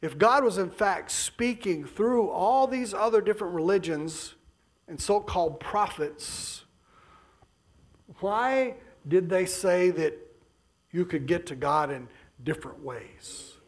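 High-voiced guy preaching a sermon, emphatic, goes quiet then loud. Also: animated, slow pace. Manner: emphatic preaching, swings between soft low passages and raised bursts.

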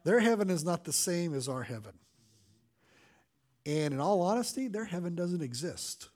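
A pastor giving a conversational sermon, with loose fillers and slow, dramatic readings of scripture lines. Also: male voice, sits high, big pitch swings, a little mellow.

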